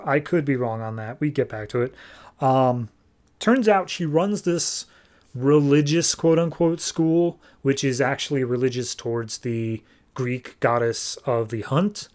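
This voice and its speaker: A man's voice: medium pitch, a little mellow. A man hosting a podcast, recapping and reviewing comics in a casual, wry way with frequent restarts.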